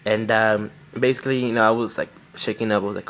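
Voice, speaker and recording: Young dude rambling thru a story, lots of swearing n fillers, lowish voice. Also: male voice, steady tone, fast, fairly bright tone, a little hiss or hum. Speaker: vlogger. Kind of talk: casual storytelling.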